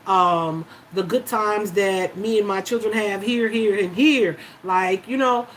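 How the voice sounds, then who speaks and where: A woman's voice: mid-range voice, measured pace, slight background noise, low-quality recording. A woman chatting casually on a live stream about spirituality, with many fillers and easy laughter. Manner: warm, emotional, laughs easily, many fillers. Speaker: spiritual live-chat host.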